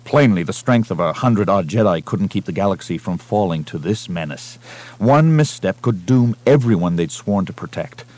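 A man with a fairly low voice reads a science-fiction novel aloud as an audiobook narrator. His delivery is measured and dramatic, built for storytelling. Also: expressive, darkish tone. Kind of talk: scripted narration.

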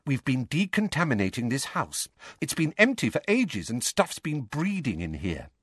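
A man's voice: mid-range voice, sing-song, moderate pace, fairly bright tone, husky, no echo, clean studio sound, voice pushed up. A man voicing an earnest, anxious teenage girl who talks hastily and pleadingly in a storybook reading. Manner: hasty, pleading.

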